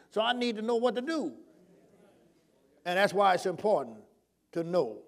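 High-voiced preacher quizzing the congregation. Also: male voice. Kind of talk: sermon.

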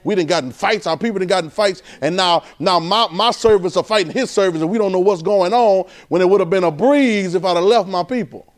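High-voiced preacher with a drawl. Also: male voice, fairly quick, few pauses. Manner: conversational preaching, quizzing the congregation, rising to a high excited pitch. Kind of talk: sermon.

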